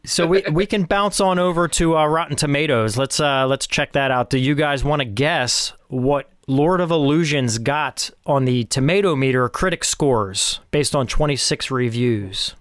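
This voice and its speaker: A man's voice: mid-range voice, normal speed, hardly any pauses, a bit bright, dry recording, clean studio sound. A man hosting a casual movie podcast, running the segments and laughing often as he chats with two co-hosts. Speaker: podcast host.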